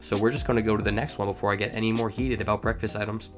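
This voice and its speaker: Fast-talking man ranting over reddit stories. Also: lowish voice, soft background music. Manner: animated, ranting asides. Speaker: storytime channel host. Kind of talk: reading online stories with comedic commentary.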